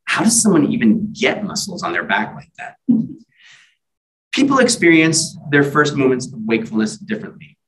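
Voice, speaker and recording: A man's voice: mid-range voice, huge pitch swings, normal speed, fairly bright tone, far from the mic, low-quality recording. A man, an author at a library event, reading his own comic stories in a wry, self-deprecating way with casual asides.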